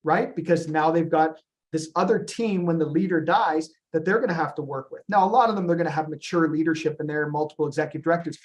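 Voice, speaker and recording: A man leading a business presentation on a group call, animated and storytelling, with frequent ums and retold dialogue. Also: a little high, quick pace. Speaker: company founder presenting to agents on a call.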